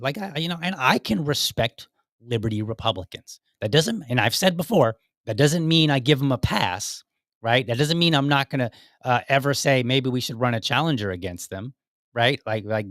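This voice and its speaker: A man hosting his own podcast, talking through political commentary in a rambling, animated way and acting out what other people said. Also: mid-range voice, no room sound, clean studio sound. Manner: rambling and animated, with frequent restarts and acted-out quotes. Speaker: podcast host.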